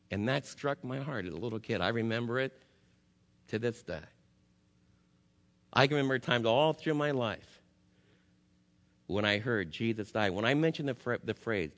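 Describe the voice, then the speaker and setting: Pastor preaching in a reverberant hall. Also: male voice, mid-range voice. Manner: impassioned, swinging from loud to hushed. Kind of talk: sermon.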